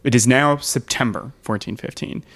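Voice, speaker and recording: A man's voice: mid-range voice, moderate pace, a bit bright, slightly rough. Guy narrating history on a podcast, laid back, lots of ums. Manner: storytelling, reading quotes, frequent fillers. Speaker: podcast host. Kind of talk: casual history podcast chat.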